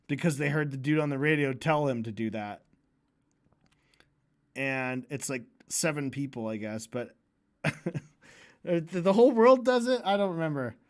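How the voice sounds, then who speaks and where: A man ranting casually on a livestream, profane and sarcastic, rambling and breaking into shouted impressions. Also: fairly high pitch. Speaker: streamer.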